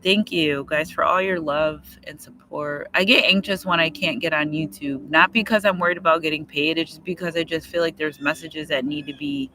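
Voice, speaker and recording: Bright high-voiced man doing chatty card readings. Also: fairly even intonation, normal speed, hardly any pauses, slight background noise, rough recording. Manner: chatty, repetitive, breaks into sung lyrics, gets emotional. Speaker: tarot reader. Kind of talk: casual livestream card reading. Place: outdoors near trees and a road.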